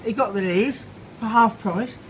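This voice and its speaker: A man's voice: high voice, measured pace, poor audio. A man reading his own children's story aloud, tipsy and improvising, swearing and laughing as he goes, recorded outside a pub. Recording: loud outdoor background noise.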